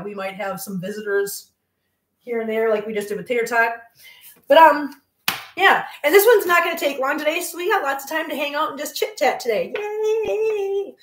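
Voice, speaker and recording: A woman's voice: on the high side, a bit bright, a little hiss or hum. Chatty woman in an echoey kitchen. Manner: chatty, rambling, laughs often, coos at her cats. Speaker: cooking livestream host. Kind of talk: casual chat while cooking live. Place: home kitchen.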